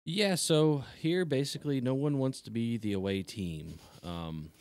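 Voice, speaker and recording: A man's voice: medium pitch, measured pace, darkish tone, dry recording. A man hosting a casual podcast chat, making dry quips and acting out quoted lines. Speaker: podcast host.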